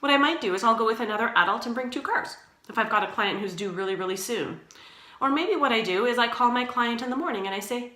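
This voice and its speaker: A woman's voice: a little high, lively intonation, quick pace, pushed and bright, echoey room. A woman who works as a doula, giving casual, reassuring advice and often checking in with her listener. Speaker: doula and doula trainer.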